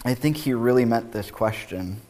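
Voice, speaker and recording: A man's voice: medium pitch, moderate pace, a little mellow. A male pastor reading scripture aloud, then preaching in a conversational, reflective way with wry asides.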